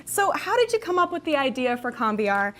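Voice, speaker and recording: A woman's voice: sits high, sing-song, brisk, fairly bright tone. A young woman hosting a casual interview, reacting with upbeat enthusiasm. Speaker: host.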